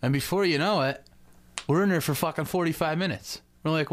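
A man's voice: fairly high pitch, fairly quick, a little hiss or hum. New guy in his 30s, swears a lot, rambly podcast storyteller. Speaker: podcast co-host. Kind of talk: casual chat.

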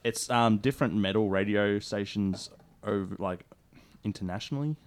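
A man's voice: fairly low pitch, dry recording. Laid-back man on a chat podcast. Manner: laid-back, halting, lots of fillers. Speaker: podcast co-host. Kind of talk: casual chat.

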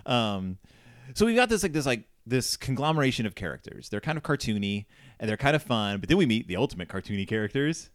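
A man's voice: mid-range voice, big pitch swings, fast, dry recording, clean studio sound. A man hosting a casual film review chat in his living room, chatty and rambling, laughing often between points. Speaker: podcast host.

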